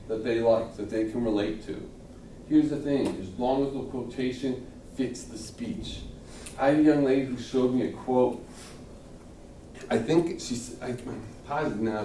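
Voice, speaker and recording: Recorded from afar in a roomy classroom with a little background noise, a middle-aged man leads a lesson on public speaking. His voice is medium in pitch and dark in tone. His style stays loose and conversational, dotted with "okay?" checks and playacted audience responses.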